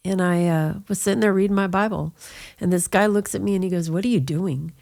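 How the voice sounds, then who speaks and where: A woman's voice: medium pitch, fairly even intonation, fast talker, gravelly, a little mellow. A middle-aged woman telling her personal faith testimony in a conversational interview, with frequent "you know" asides. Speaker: guest sharing her testimony.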